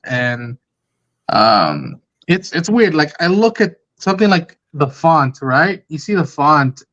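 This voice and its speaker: A man's voice: medium pitch, a bit bright, highs cut off. A man, the host of a fan stream, chatting casually and at length about an upcoming film, full of ums and restarts. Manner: rambling, many ums and restarts. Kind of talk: casual live-stream chat.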